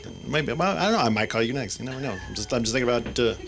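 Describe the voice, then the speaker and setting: Animated, self-deprecating man in his forties. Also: medium pitch, very fast, vocal fry, slight background noise. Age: 40s. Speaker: comedy show host. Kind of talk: stand-up hosting. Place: small comedy club stage.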